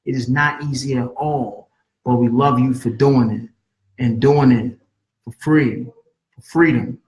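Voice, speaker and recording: A man hosts a spiritual talk show in a voice of ordinary pitch. He speaks earnestly and sincerely, and he circles back to the same words of encouragement again and again. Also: fairly even intonation, unhurried, poor audio. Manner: earnest, repeating his affirmations. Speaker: host.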